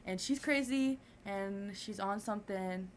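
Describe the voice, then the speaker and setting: A woman's voice: medium pitch, unhurried, slight background noise. A teenage girl, a guest, telling a story in casual, slangy chat and acting out the other people's voices. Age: teens.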